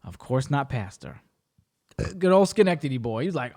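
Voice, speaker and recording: Speaking at a moderate pace in a voice that's a little high, this man hosts a podcast. He relates a story casually and with animation, performing the voices of the people involved.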